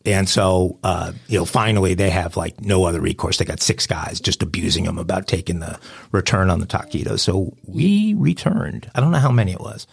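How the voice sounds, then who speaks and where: A man's voice: low voice, brisk, vocal fry, slightly rough. A man, co-hosting a podcast and telling a rambling, self-amused story in casual chat. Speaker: podcast co-host.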